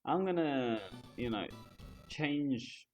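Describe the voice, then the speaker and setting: A man's voice: mid-range voice, expressive, takes it slowly, faint music behind. A man streaming a game, mumbling commentary to himself with self-deprecating asides. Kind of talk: casual gameplay commentary.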